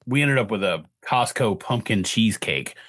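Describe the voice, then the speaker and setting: A man's voice: on the low side, animated, moderate pace, a bit bright. A man co-hosting a cooking podcast, chatting casually with laid-back, dry remarks. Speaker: cooking school podcast co-host.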